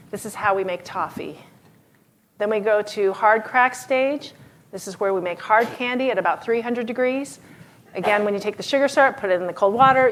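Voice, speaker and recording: A woman's voice: mid-range voice, slight background noise. A woman giving a live cooking demonstration as a lecturer in a hall, explaining each step in a chatty way with fillers. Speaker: pastry chef lecturer.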